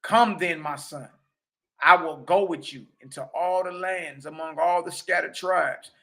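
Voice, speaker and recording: A man teaching a religious lesson, reading passages slowly and commenting in a casual, emphatic way with repeated catchphrases. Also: fairly high pitch, fairly bright tone.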